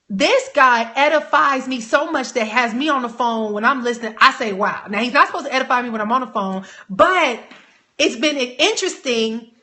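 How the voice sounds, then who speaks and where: A woman coaching network marketers in a live training talk, energetic and emphatic, rallying her audience. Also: fairly high pitch.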